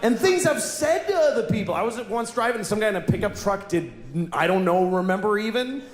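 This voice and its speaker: A man performing stand-up, ranting at himself and breaking into shouts. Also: high voice, animated, brisk. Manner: self-mocking rant, bursting into shouts. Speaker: stand-up comedian. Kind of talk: stand-up comedy routine. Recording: echoey live room with noise.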